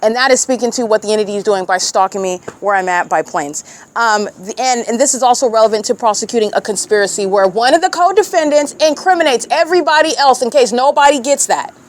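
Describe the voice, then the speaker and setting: A woman's voice: a little high, fast. A woman giving an impassioned religious monologue, emphatic and preachy, repeating phrases and firing rhetorical questions. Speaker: self-documenting vlogger.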